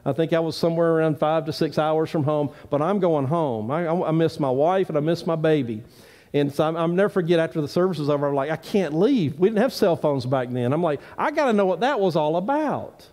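An earnest pastor delivers a sermon in a church sanctuary. His voice is a little high, expressive, and slightly fast, building into rising, emphatic pleas and then dropping into quieter asides.

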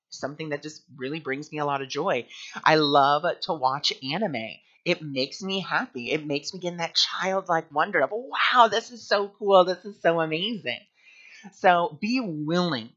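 A man's voice: on the high side, sharp tone. A man speaking earnestly and candidly in a spiritual teaching monologue. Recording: dull lo-fi sound.

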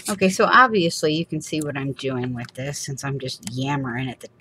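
Low-voiced rambling grandma crafter. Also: female voice, a little fast, bright, forceful tone, slight background noise. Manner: rambling, chatty, laughs often, acts out little quoted voices. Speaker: craft channel host. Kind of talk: casual chat while crafting.

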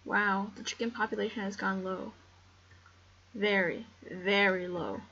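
A woman giving casual, excitable game commentary, rambling and talking to the animals on screen. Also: medium pitch, measured pace, husky, dull audio. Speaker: gameplay commentator.

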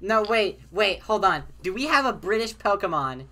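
A woman hosting a casual let's-play with friends on a voice call, excitable and swearing freely as she talks over the others. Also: medium pitch, normal speed. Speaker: host and player.

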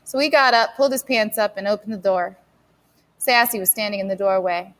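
A woman's voice: mid-range voice, steady tone, brisk, a bit bright. A woman steadily narrating a novel as an audiobook reader. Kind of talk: scripted narration.

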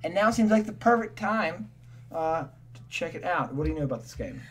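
A man's voice: a little high, lively intonation, a little fast, slight background noise. A man hosting a casual game stream, rambling and self-deprecating with lots of fillers. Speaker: host. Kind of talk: casual gameplay chat.

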